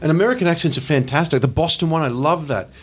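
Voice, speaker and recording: An Australian man chatting as an interview guest, enthusiastic and quick to laugh. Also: on the high side. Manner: enthusiastic, laughs often, breaks into playful impressions. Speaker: guest actor. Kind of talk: casual interview chat.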